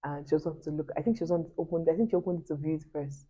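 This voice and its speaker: A young woman tells a personal story straight to her viewers. Her voice sits low and mellow, and she keeps turning to the audience with chatty asides. The recording is dull and lo-fi. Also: rapid-fire, husky. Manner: chatty and animated, addresses viewers as guys, laughing asides. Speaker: vlogger.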